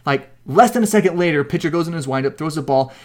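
Brief: male co-host, lively storyteller, higher-pitched voice, bursts into shouted impressions. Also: fast talker. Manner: animated, acts out quotes with loud shouts. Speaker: podcast co-host. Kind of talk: casual chat, animated storytelling.

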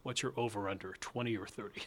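Man, host, political interview, lowish voice, brisk and animated. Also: slight background noise.

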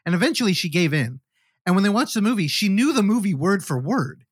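A man co-hosting a podcast, chatting casually about horror films, animated and swearing freely. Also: high voice, a little fast, husky, no echo, studio quality. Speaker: podcast co-host.

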